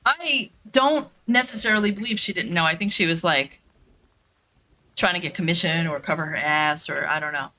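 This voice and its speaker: Blunt, bright-voiced woman telling a story. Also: fairly low pitch, normal speed. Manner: blunt and profane, with many fillers and repeats. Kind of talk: casual storytelling while streaming a game.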